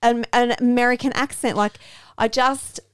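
A woman's voice: on the high side, smooth, no echo, clean studio sound. An Australian woman co-hosting a podcast, chatting casually and ranting animatedly about things that bug her. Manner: animated, quick to laugh, exasperated rants. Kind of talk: casual chat.

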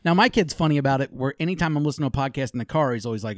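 A man's voice: medium pitch, lively intonation, racing, no echo, studio quality. A man hosting a podcast, teasing his guest and talking about his kid in casual, profane chat. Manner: wry, teasing, swears casually. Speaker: podcast host.

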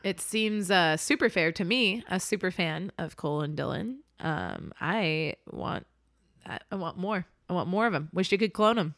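A woman's voice: on the low side, expressive, moderate pace, a bit bright, dry recording, studio quality. A woman co-hosting an improvised comedy podcast, playful and giggly, riffing with silly bits.

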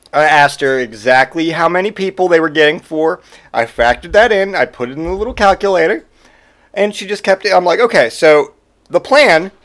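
A man's voice: a little high, fairly bright tone. Exasperated ranting man telling stories. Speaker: podcast host. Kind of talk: comedic storytelling monologue.

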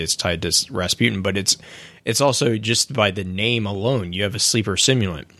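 A man's voice: fairly low pitch, gravelly, fairly bright tone, dry recording. Man chatting in a dry room. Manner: rambling, many fillers and explanatory asides. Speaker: podcast co-host. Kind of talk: casual gaming podcast chat.

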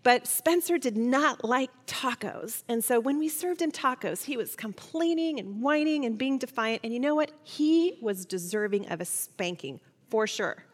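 A middle-aged woman leads a Bible study lesson, her voice pitched a little high. She tells personal stories in a chatty way, stumbling and restarting as she goes, and a long hall reverb trails after her words. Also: animated, normal speed, few pauses. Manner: warm personal storytelling with fillers and restarts.

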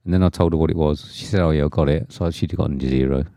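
A man's voice: extremely low pitch, steady tone, fast talker, dark tone, no room sound, clean studio sound. A man co-hosting a podcast, laid-back and laughing in casual banter from a small shed. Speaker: podcast co-host.

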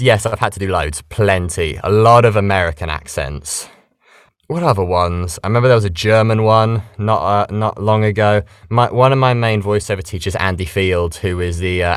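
A British man, a voice actor, chatting casually in an interview and explaining things in a lively, animated way. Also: low voice, clear, resonant tone, no echo, studio quality. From Britain. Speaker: voice actor guest.

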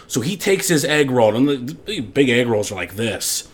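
A man telling a funny story in a casual chat, animated and cursing freely. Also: medium pitch, fairly quick. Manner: animated, laughing storyteller who swears freely.

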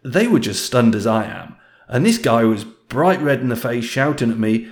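Brief: man, mid-pitched, casual reflective storyteller, candid and self-deprecating. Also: expressive, moderate pace. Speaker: speaker sharing a career story.

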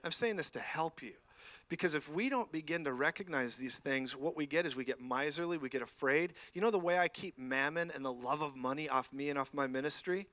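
A man preaches to a church in a fairly high voice, animated and storytelling, acting out each exchange. The sound is dry and close, with little room echo. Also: a little fast. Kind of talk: sermon.

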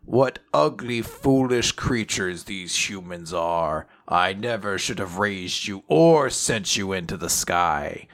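A man voicing a cold, scornful male robot overlord, speaking slowly and low with contempt. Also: lively intonation, fairly bright tone, exaggerated voice. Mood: contemptuous.

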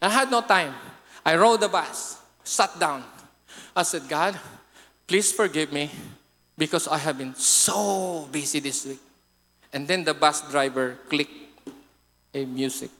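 A man with a Filipino accent preaching a sermon, telling stories in an animated way, acting out voices and singing snatches of songs. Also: fairly high pitch, measured pace, long pauses. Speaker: pastor. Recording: long hall reverb.

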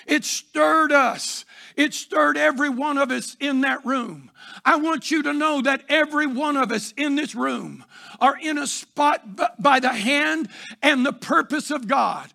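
High, gravelly preacher man. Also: unhurried. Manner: fervent preaching with shouted emphasis and repetition. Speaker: pastor. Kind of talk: sermon. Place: church sanctuary.

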